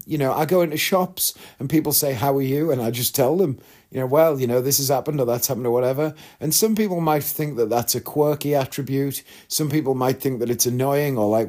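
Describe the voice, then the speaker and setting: A man's voice: medium pitch, darkish tone. A man talking casually to his viewers, open and candid, wandering through asides as he recounts what happened. He slips into the voices of people he met along the way and keeps an easy, conversational flow. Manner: chatty, candid, rambling with asides and quoted voices. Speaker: vlogger. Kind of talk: casual storytelling to camera.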